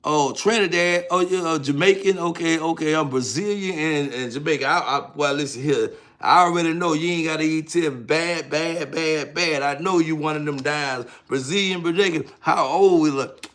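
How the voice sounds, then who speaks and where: A man's voice: fairly high pitch, moderate pace, a bit bright. A man in his fifties from Georgia with a Southern accent, hosting a casual livestream and telling stories in slangy, hyped talk. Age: 50s. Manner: hyped, slangy, repeats "know what I'm saying". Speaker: livestream host, author.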